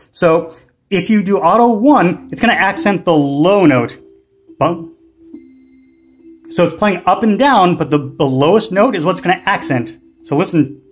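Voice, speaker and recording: A man hosting a music gear tutorial, explaining casually and unhurriedly with frequent ums and restarts. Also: sits high. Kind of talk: casual instructional demo.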